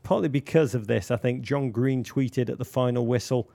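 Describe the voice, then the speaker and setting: Gravelly man, playful and florid. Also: mid-range voice, normal speed, dark tone. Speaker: podcast co-host. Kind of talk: casual chat.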